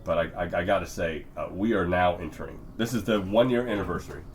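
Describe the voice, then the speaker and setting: A man's voice: deep voice, quick pace, a little hiss or hum. Rambling, swearing male podcast host. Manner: rambling, swearing, laughs a lot. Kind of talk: casual chat.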